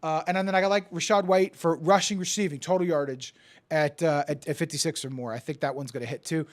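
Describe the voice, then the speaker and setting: A man co-hosting a casual sports betting chat, excitable and profane, often stammering and restarting, swinging from yelling to muttering. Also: fairly high pitch, brisk. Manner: die-hard team fan, swings from yelling to muttering. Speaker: podcast co-host.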